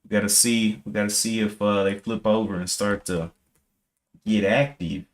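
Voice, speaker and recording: Man, low voice, live-stream trading talk, thinking aloud, casual and self-correcting. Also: fairly even intonation, normal speed. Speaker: live stream day trader.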